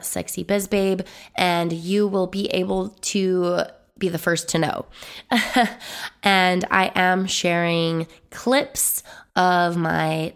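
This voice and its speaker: This woman hosts her own podcast alone, speaking at an unhurried pace. Her voice is slightly hoarse and still recovering. She stays upbeat and conversational and rolls through long lists of points. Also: fairly low pitch. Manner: upbeat and chatty, lists things in quick runs. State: hoarse, voice not fully recovered. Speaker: podcast host and business coach. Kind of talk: solo podcast monologue.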